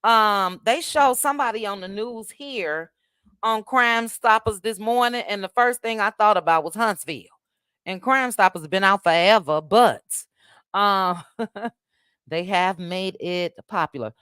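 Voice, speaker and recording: Smooth-voiced Midwestern woman hosting a livestream. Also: medium pitch, unhurried, a bit bright, no room sound, studio quality. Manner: chatty, thanks viewers by name, drops "child" asides. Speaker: livestream host. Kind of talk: casual livestream chat reading viewer comments.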